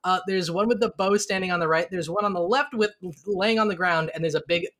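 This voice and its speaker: Game master, bright tone, halting and amused narration of a tabletop session. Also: mid-range voice. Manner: halting, amused, lots of fillers.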